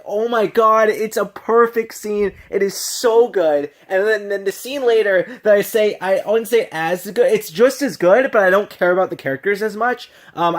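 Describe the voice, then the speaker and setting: Tipsy man gushing in a rambling review. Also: sits high. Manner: rambling, gushing, with restarts and laughs. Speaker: vlogger reviewing a film. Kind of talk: casual unscripted review.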